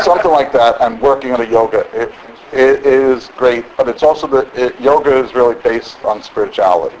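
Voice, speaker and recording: A middle-aged man with a mid-range, slightly mellow voice gives a personal share at a recovery support meeting in a meeting room. He talks candidly and rambles, restarting often, on a poor recording with slight background noise.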